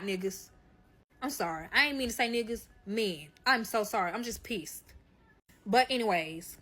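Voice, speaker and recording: A woman's voice: fairly high pitch, pushed and bright. A woman telling a personal story in a casual monologue, swearing a lot and talking straight to her listeners as y'all. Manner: profane, emphatic, addresses listeners as y'all.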